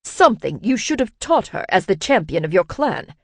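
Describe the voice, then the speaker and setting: A woman's voice: medium pitch, sing-song, normal speed, a little mellow, no room sound. A woman voicing a pompous, condescending older male council leader in an audiobook. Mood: indignant. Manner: condescending, bellowing.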